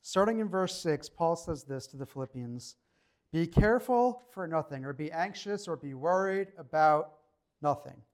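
A young man preaching a sermon in a relaxed, conversational way, slowing down when he reads scripture. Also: on the high side. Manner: conversational preaching, slows to read scripture aloud. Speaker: pastor.

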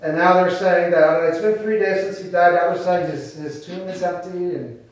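A man's voice: high voice, normal speed. Man preaching in an echoey hall. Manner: conversational, acts out quoted voices. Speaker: pastor. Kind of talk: sermon. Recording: echoey hall, mic far off.

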